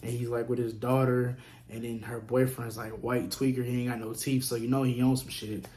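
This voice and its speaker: A man casually telling a story on his vlog, profane and animated, acting out what others said. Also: mid-range voice, brisk. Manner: profane, animated, acts out quotes. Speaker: vlogger.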